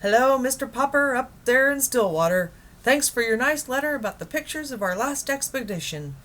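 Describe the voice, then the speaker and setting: A woman reading a children's book aloud, voicing a hearty male admiral broadcasting over the radio in a loud, announcing way. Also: high voice, animated, moderate pace, pitched above the performer's own voice. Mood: jovial.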